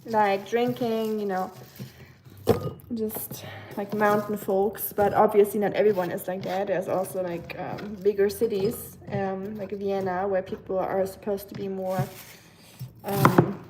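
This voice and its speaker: A woman's voice: medium pitch, flat delivery, unhurried, heavy background noise. A woman from Germany with a German accent, chatting casually on a livestream while cooking in her kitchen, with loose talk full of fillers. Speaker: livestream host. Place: home kitchen.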